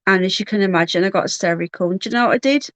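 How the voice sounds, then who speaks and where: A woman's voice: medium pitch, rapid-fire, no echo. Chatty woman on a dry mic. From Birmingham, England. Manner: candid, chatty, restarts often. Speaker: livestream host. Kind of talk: casual livestream chat, reading comments.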